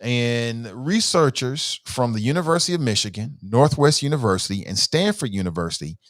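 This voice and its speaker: A man's voice: medium pitch, lively intonation, moderate pace, no echo, studio quality. A man hosting a casual news commentary show, chatting and asking viewers questions.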